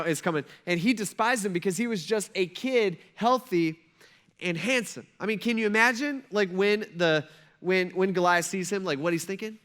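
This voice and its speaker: A man's voice: high voice, a bit bright, clear, resonant tone. A male pastor preaching a sermon, telling a story with energy and acting out the characters' lines in casual speech.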